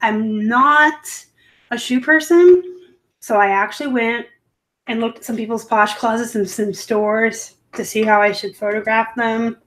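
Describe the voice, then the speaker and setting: A woman from the West Coast chats through a casual live stream with a slightly high voice. She rambles from one thought to the next, and her phrases often lift upward at the end. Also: fairly even intonation, a little slow, a bit bright. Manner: chatty and rambling, upspeak at times. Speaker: live show host and reseller.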